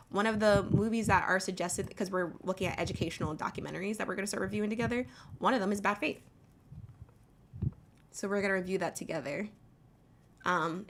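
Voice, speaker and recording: A woman's voice: medium pitch, fairly bright tone, slight background noise. A woman hosting a casual livestream, blunt and talking with lots of fillers and swearing. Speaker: livestream host.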